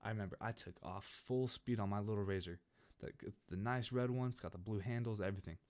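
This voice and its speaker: A young man from California telling a casual storytime over gameplay, rambling and animated, with many restarts. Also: fairly low pitch, fast talker. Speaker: gaming channel host.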